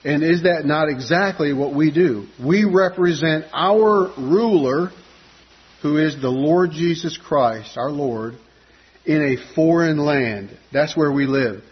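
A man's voice: a little high, slow pace, slightly rough, muffled recording. A man preaching a conversational sermon, with frequent fillers and restarts.

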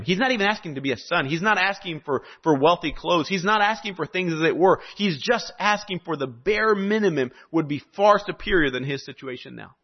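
A man preaching a sermon in an animated, conversational way with joking asides. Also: a little high, a little fast, few pauses. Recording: dull lo-fi recording.

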